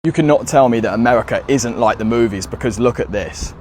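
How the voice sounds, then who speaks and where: A man's voice: mid-range voice, fairly quick, a little mellow, a little hiss or hum. A man vlogging outdoors beside an old gas station, amazed and enthusiastic. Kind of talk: casual vlog.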